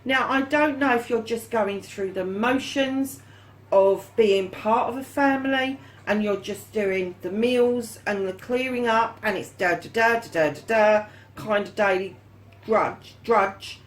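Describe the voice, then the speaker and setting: A woman's voice: fairly high pitch, unhurried, low-quality recording. A woman giving a casual tarot reading, chatty and fond, calling her viewers darlings and lovelies and swearing now and then. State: hot and yawning. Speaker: tarot reader.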